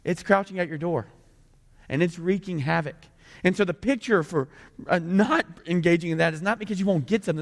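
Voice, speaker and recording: A man's voice: sits high, in a large hall. A male pastor preaching a sermon in a church, conversational and full of rhetorical questions. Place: church sanctuary.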